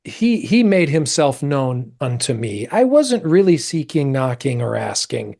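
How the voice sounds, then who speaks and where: Brief: middle-aged American man, podcast guest, expressive storyteller who jumps into quoted voices. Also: measured pace, gravelly. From United States. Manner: animated, acts out quoted voices with big pitch jumps. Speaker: actor. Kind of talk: personal storytelling in a podcast interview.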